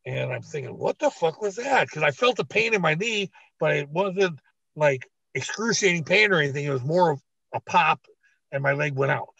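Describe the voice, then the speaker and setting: A middle-aged man, a retired wrestler, telling a story in a blunt, profane, animated way on an interview podcast. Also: fairly high pitch, moderate pace, creaky, breathy edge, no echo. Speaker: retired pro wrestler guest. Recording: dull, dry lo-fi recording.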